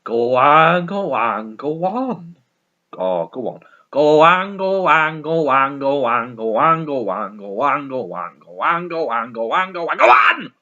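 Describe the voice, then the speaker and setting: A man's voice: high-pitched, wildly swooping pitch, unhurried, pitched above the performer's own voice, full character voice. A man voicing a pushy middle-aged housekeeper woman who nags over and over in a raised voice. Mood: coaxing. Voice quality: nagging, repeats herself relentlessly. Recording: dull lo-fi recording.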